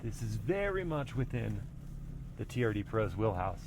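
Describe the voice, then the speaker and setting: A man reviewing a pickup truck, casually explaining what he does as he drives it slowly along an off-road trail. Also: fairly low pitch. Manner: relaxed, explanatory, thinking aloud. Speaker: car reviewer. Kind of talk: casual driving commentary. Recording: vehicle noise clearly heard. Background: engine and trail noise.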